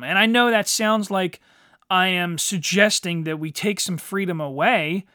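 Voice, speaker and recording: A man's voice: high voice, a little slow, bright, forceful tone, no echo, clean studio sound. A man ranting bluntly in a monologue, swearing heavily and tagging lines with "you know". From United States. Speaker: podcast host.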